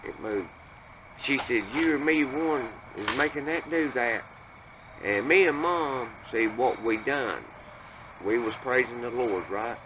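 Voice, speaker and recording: A man telling a family ghost story in a folksy, profane, animated way. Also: mid-range voice, measured pace. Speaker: panel storyteller. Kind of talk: casual storytelling. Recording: noisy background hiss.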